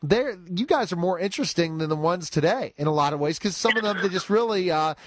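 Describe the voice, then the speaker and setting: A man's voice: sits high, expressive, quick pace, no echo. A man hosting a radio interview, talking in a rambling, emphatic way with many restarts. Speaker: talk show host.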